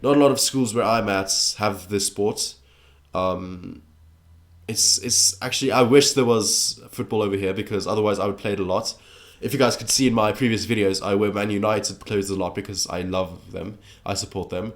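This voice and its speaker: A man's voice: lowish voice, fairly even intonation, normal speed. A teenage boy from South Africa with a South African accent, talking casually in a vlog, rambling with fillers and restarts. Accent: South African English. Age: teens. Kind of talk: casual vlog reacting to assumptions.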